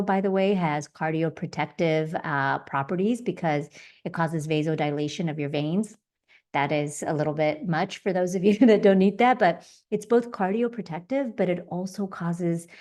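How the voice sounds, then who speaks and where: A woman hosting a podcast, gently guiding listeners through self-compassion practices and repeating soft affirmations. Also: fairly low pitch. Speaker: podcast host. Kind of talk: self-help teaching talk.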